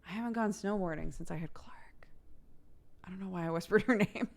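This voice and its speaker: A woman's voice: mid-range voice, racing, gravelly. A young woman streamer chatting casually late at night with her viewers, laughing often and reading chat aloud.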